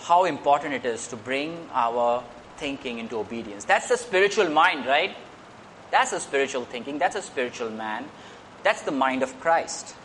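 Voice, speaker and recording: A man's voice: medium pitch, animated, normal speed, a bit bright, a little hiss or hum. A man preaching a sermon in an earnest way. He repeats phrases and lifts his voice on key points.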